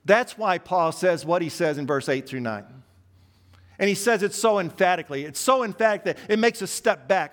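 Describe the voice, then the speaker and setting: Emphatic male preacher, slightly high voice. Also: animated, moderate pace. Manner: emphatic, builds long repeated lists. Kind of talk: sermon.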